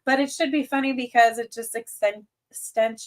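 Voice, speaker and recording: Midwestern woman host, stuffed-up nasal, chatty and upbeat, slightly high pitch. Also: fairly even intonation, moderate pace. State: nasal from a cold. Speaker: podcast host. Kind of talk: casual interview chat.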